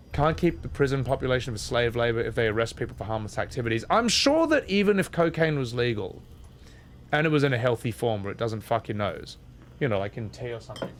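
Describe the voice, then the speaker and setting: A man's voice: mid-range voice, a little hiss or hum. A man streaming a game, chatting casually with viewers, joking, laughing and swearing. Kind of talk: casual live-stream chat.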